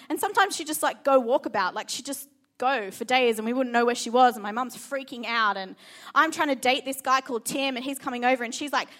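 A woman's voice: sits high, a bit bright. An Australian woman in her thirties preaching a sermon, reading scripture and telling a personal story in an earnest, emphatic way.

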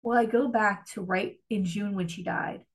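Woman podcast co-host, mid-range voice, rambling excitable storyteller who swears a lot. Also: medium pitch, normal speed. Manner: rambling, gushing, swears freely. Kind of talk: casual chat.

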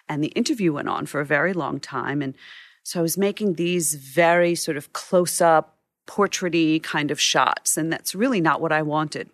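A woman's voice: sits low, normal speed, creaky, no room sound, clean studio sound. A middle-aged woman, a photojournalist guest, telling vivid stories from her career in an interview. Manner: vivid anecdotal storytelling. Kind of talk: storytelling interview.

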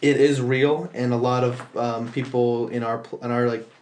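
Halting young man hosting a podcast. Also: mid-range voice, flat delivery, darkish tone, echoey room, slight background noise. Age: young adult. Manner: halting, full of restarts and self-corrections. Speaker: podcast host. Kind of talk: casual chat.

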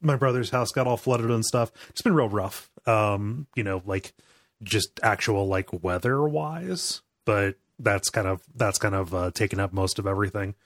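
A man's voice: on the low side, normal speed, no echo, studio quality. A man from Ohio hosting a casual podcast chat, often repeating words and laughing between sentences. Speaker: podcast host.

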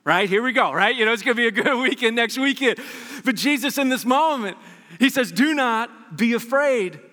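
A man's voice: very high voice, a little fast, bright, forceful tone, in a large hall. A man preaching a sermon as pastor, talking conversationally and acting out scenes from scripture.

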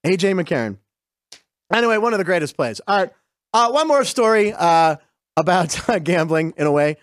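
A middle-aged man from western Pennsylvania runs a sports show, excitedly chatting and drifting off on tangents while clips play. His voice is high-pitched at an ordinary pace, with no echo.

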